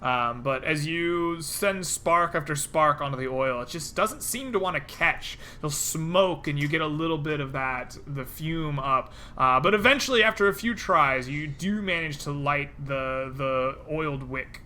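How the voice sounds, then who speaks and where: A woman's voice: low-pitched, unhurried, hardly any pauses, sharp tone, a little hiss or hum. A woman narrating a tabletop role-playing game as game master, in a loose, filler-heavy way.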